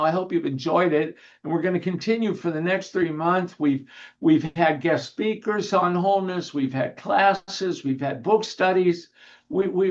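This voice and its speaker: A man, a minister, giving a sermon in a gentle, unhurried way, guiding the listeners through breathing and telling light humorous anecdotes. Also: high-pitched. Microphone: video call. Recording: dull lo-fi video call audio.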